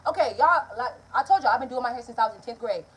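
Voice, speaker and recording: Animated, high-voiced young woman vlogger. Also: fast talker, husky. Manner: animated, profane, emphatic storytelling. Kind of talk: casual storytime.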